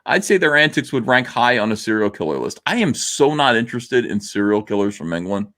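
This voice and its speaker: A man's voice: medium pitch, big pitch swings, a little fast, fairly bright tone. A man from the US hosting a livestream, ranting sarcastically in a comment-reading commentary. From United States. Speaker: livestream host.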